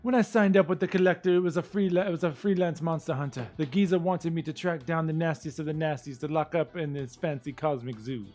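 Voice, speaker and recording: A man's voice: fairly high pitch, quick pace, hardly any pauses, darkish tone, soft background music, pitched above the performer's own voice, natural voice. A man voicing a tough, sardonic woman monster hunter in a put-on Cockney British accent, reading game lore aloud in character. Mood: wry.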